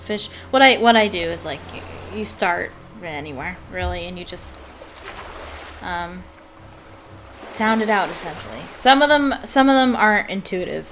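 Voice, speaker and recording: This let's-play gamer is a young woman with a lowish voice, heard against a noisy backdrop. Musing and unsure, she drops plenty of fillers as she talks casually through a puzzle game.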